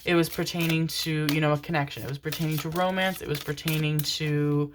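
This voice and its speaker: A woman with a low voice giving a tarot reading in a relaxed, rambling way. She speaks tenderly to her viewers, calling them her darlings and loves, and fills her pauses with soft "um"s. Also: slight background noise. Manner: affectionate, calls listeners "my darlings" and "my loves"; meandering, with many "um" fillers. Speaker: tarot reader.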